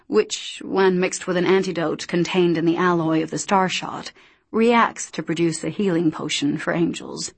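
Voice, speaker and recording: A woman reads as a solemn young male angel in an audiobook, his speech grave and formal. The voice sits low and unhurried, with a slightly husky edge. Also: full character voice. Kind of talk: audiobook character voice.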